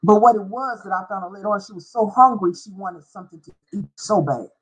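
A middle-aged woman, a former schoolteacher, telling a personal faith story with deep feeling and spelling out words for emphasis. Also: fast talker, breathy edge, rough recording. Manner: emotional, spells out words, sings briefly. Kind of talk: personal testimony.

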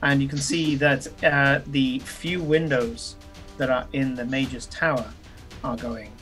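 A man's voice: medium pitch, fairly even intonation, unhurried, a bit bright, faint music behind. A man as game master, narrating a tabletop game in a rambling way full of ums and uhs, swearing casually.

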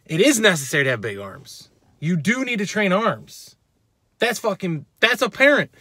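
A man's voice: sits high, very animated, moderate pace, pushed and bright, slightly rough, no echo. A male fitness channel host ranting in a vlog, heated and profane, repeating his points.

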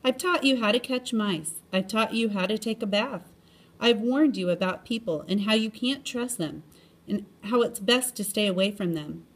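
A woman reading the part of a stern mother cat who sends her grown kittens away, in a flat, firm, matter-of-fact voice. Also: medium pitch, normal speed, natural voice. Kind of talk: storybook reading.

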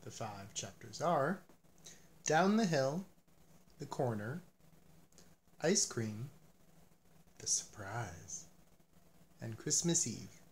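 A man reading a children's picture book aloud as narrator, with an expressive, animated delivery. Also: medium pitch, drawn-out words, pauses often, a little hiss or hum.

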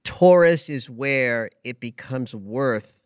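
A man hosting a casual astrology chat, emotional and animated, often restarting his sentences. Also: mid-range voice, slow, smooth, no echo, clean studio sound. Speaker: astrologer host.

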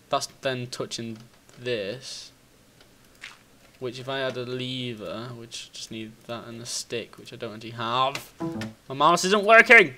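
A man giving casual gameplay commentary, excitable, thinking out loud, swearing and bursting into high squeals. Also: slight background noise. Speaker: gaming video host.

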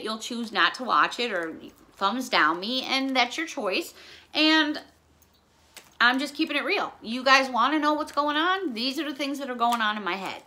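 A middle-aged woman hosting a casual haul video, chatty and animated, talking straight to her viewers. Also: a little high. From Chicago area.

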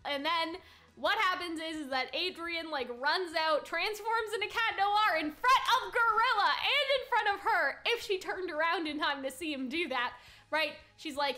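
A high-pitched woman rambling through a casual theory chat. She is full of fillers and quick giggles. Her tone stays bright and sharp. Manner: chatty, fast filler-heavy talk with frequent giggles. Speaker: YouTuber cartoon theorist. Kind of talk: casual commentary.

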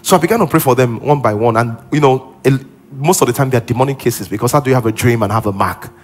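A man's voice: mid-range voice, fast talker. A man preaching a sermon as pastor in a church auditorium, building to exclaimed emphasis.

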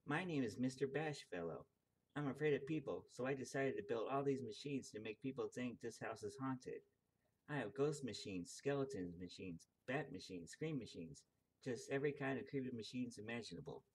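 A man's voice: medium pitch, lively intonation, normal speed, breathy edge. A man voicing a shy, timid little man in a children's story, stammering and pleading. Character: shy squeaky little man who cries.

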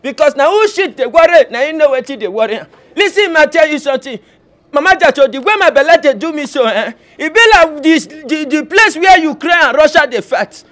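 A woman plays a desperate Nigerian tenant in a comedy skit. Her voice sits high and bright, pleading and exasperated. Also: animated, brisk. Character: desperate female tenant locked out of the toilet.

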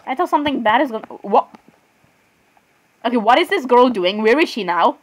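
A young woman chatting excitedly as she comments on her own gameplay, often saying sorry and literally. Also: fairly high pitch, normal speed, rough recording. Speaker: gamer.

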